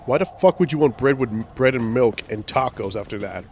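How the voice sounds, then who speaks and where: A man's voice: mid-range voice, lively intonation, brisk, a little hiss or hum. A young man chatting casually on a gaming livestream, telling stories with lots of swearing and jokes. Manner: profane, joking storyteller. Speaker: gaming streamer.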